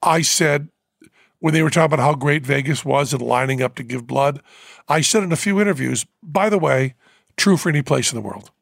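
A man hosting a podcast, telling a rambling story with fillers and quick laughs. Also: fairly high pitch, gravelly, dry recording. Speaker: podcast host. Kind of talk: casual storytelling. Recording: dry close studio mic.

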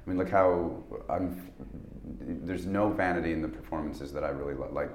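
A man's voice: a bass voice, steady tone, moderate pace, slight background noise. A man, an actor, chatting casually in an interview, rambling with restarts and laughing as he tells stories. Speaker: actor guest. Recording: roomy echo.

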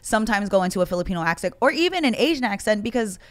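Animated woman co-host, dry studio mic. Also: medium pitch, racing, no room sound. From San Francisco Bay Area. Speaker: podcast co-host. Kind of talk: casual chat.

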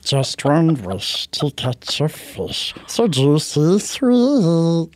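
A man voicing a creepy, wretched male creature, raspy and whispery, jumping between hushed hisses and shrill cries. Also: huge pitch swings, very slow, exaggerated voice.

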